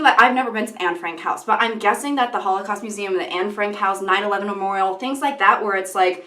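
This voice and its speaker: A woman's voice: medium pitch, fairly bright tone. A young woman vlogging in casual, rambling commentary, often breaking off into tangents and giggling. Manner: rambling, self-interrupting, giggly. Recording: echoey room.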